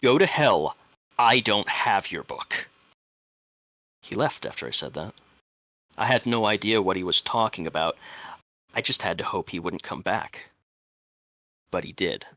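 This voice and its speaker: A man acting as game master, giving a dramatic first-person statement reading in a measured way that drops to hushed tones at the tense moments. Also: sits low, dry recording.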